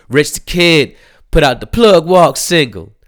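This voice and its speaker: A young man talking casually to camera about new music singles, slangy and animated, laughing and swearing often. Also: on the high side.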